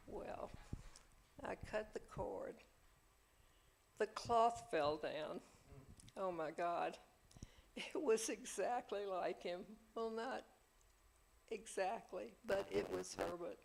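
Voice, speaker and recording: An older woman telling a personal story on stage, slow and emphatic, rising into theatrical recitation. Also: lowish voice, creaky, a little hiss or hum, rough recording.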